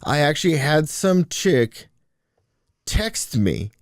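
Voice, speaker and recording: A man's voice: on the high side, slow pace, no echo. Podcast guy telling a wild story, voice all over the place, dry close mic. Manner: animated storyteller, reads texts aloud. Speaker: podcast co-host. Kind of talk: casual banter.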